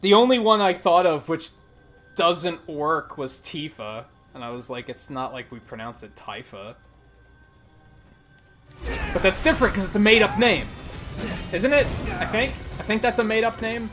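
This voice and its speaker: A man's voice: high voice, lively intonation, moderate pace, a bit bright. A man live-streaming a video game, rambling casually and swearing often. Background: faint game music.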